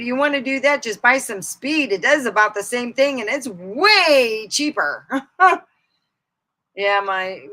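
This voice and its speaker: A middle-aged woman chatting casually on a live stream, rambling through funny stories and laughing loudly at her own punchlines. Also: medium pitch, rough recording. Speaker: comedy streamer.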